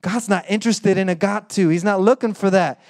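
A young adult man preaching a sermon in a conversational, animated way, full of "like" and acted-out quotes. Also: brisk. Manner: animated, acts out quoted voices with sudden high bursts; conversational with frequent "like" fillers. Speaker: pastor.

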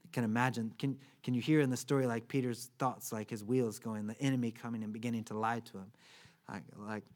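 A man's voice: medium pitch, fast. A man preaching a sermon as pastor, telling a Bible story with humor and checking in often with "right?". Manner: animated, humorous storytelling with many "right?" tags.

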